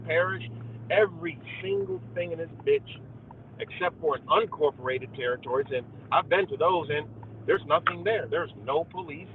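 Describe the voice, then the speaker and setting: A young man hosting a live stream, ranting heatedly and profanely to his viewers about conspiracies, calling them guys. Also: fairly high pitch. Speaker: livestream host. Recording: tinny phone-like audio with faint car noise.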